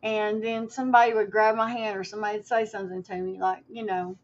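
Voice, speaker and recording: A woman's voice: medium pitch, little pitch movement, quick pace, dull audio. A woman livestreaming to her viewers in a casual, rambling way, with many fillers and restarts and some emotion.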